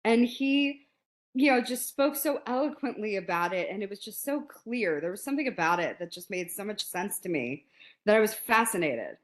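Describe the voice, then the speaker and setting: Woman, 40s, guest on a talk podcast, mid-pitched, animated storyteller who voices the people she quotes. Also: normal speed. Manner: animated, laughs often, acts out quotes. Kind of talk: casual storytelling.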